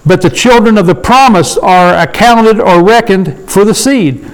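A man leading a Bible study sermon in a conversational way, slowing down to read scripture and often asking his listeners for agreement. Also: sits high, low-quality recording. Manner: conversational, asks the room for agreement; slows down to read scripture aloud. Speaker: preacher.

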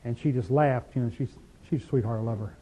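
A man teaching a Bible study like a sermon, fervent, firing rhetorical questions and dropping from loud to hushed. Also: medium pitch, quick pace, slightly rough, rough recording.

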